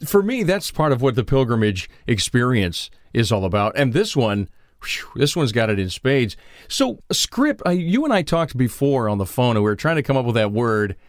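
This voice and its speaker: A man's voice: mid-range voice, very animated, normal speed, no echo. Male radio co-host, rambling and friendly in tone, dry booth sound. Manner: chatty, loose and rambling with fillers. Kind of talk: casual radio chat. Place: radio studio.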